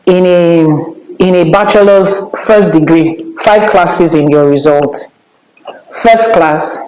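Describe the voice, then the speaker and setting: A woman's voice: medium pitch, echoey room, rough recording. A Nigerian woman with a Nigerian accent, giving a spiritual teaching as an Ifá priestess in an emphatic, scolding manner and dropping in Yoruba phrases.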